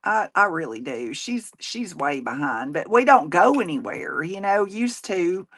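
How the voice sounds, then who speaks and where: A woman in her forties, a little lower in pitch, chats about everyday life while she crafts. She rambles, restarts her sentences and laughs easily. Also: lively intonation, measured pace, a bit bright. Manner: chatty, folksy, laughs often. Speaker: craft show host; nurse. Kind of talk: casual chat while crafting.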